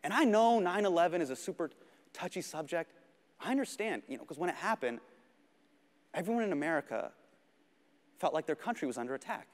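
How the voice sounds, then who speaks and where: A man in his thirties doing animated stand-up storytelling on stage. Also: a little high, brisk, long pauses, big-room sound. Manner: animated, expressive, shifts between shouting and hushed. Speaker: stand-up comedian.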